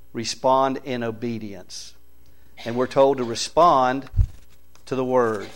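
A man preaching a sermon, reading scripture aloud and pressing his points with rising, emphatic bursts. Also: mid-range voice.

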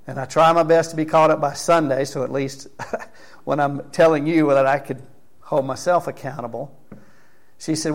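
A man's voice: on the high side, steady tone, a little slow, creaky, long pauses. A man preaching as pastor in a church, talking conversationally and calling out members of the congregation by name before closing in prayer. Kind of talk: sermon with congregation recognition. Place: church sanctuary.

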